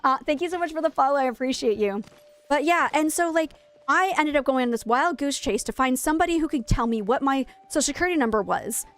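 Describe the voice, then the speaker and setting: High-voiced woman rambling through a story. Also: fast talker. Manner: rambling storyteller, lively and self-mocking. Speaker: streamer. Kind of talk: casual chat while gaming.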